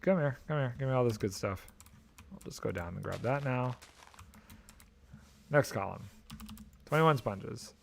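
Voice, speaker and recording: Gravelly man musing through a game stream. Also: medium pitch, expressive, normal speed, long pauses, slight background noise. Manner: musing aloud, mildly exasperated, joking. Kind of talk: casual gameplay commentary.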